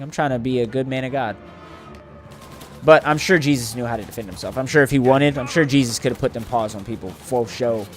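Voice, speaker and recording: Animated man commenting on gameplay. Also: medium pitch. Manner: animated, trash-talking, boastful in bursts. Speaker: gaming channel host.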